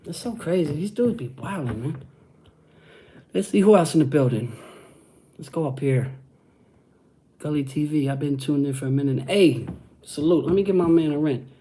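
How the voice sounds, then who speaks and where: Warm in tone and fairly high in pitch, this Brooklyn host speaks at a moderate pace with long pauses, yet stays animated. Answering his livestream chat in a New York accent, he keeps up hyped, profane street talk with a constant "you know what I'm saying."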